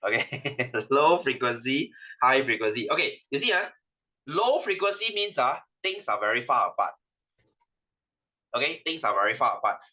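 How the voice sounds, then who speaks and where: Bright-voiced Malaysian teacher on a webcam. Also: male voice, medium pitch, big pitch swings, normal speed. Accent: Malaysian English. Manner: playful, teasing, laughs often. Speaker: science teacher. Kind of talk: online class lesson. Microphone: webcam microphone. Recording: dull lo-fi webcam audio.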